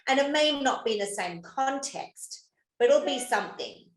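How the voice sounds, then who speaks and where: A woman's voice: sits high, animated, normal speed, reverberant, low-quality recording. A woman co-hosting a podcast in casual chat, who swears freely and laughs often. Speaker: podcast co-host.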